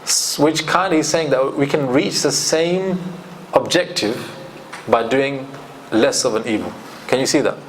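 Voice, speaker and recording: A man with a mid-range voice teaches a scripture commentary lesson at a measured pace, with slight background noise. He's lively, acting out quoted speech and reciting Arabic verses.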